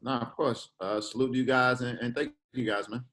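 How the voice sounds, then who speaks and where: Animated, slangy man chatting as a guest. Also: medium pitch, normal speed, a little hiss or hum, poor audio. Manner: animated, slangy, acts out quoted exchanges. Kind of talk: casual conversation.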